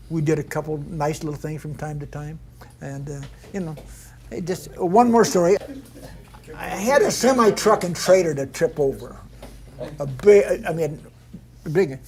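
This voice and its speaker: Older man spinning animated stunt yarns. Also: fairly high pitch, slight background noise. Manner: animated yarn-spinner, mimics others in quotes, laughs often. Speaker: veteran stunt performer. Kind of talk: anecdotal storytelling.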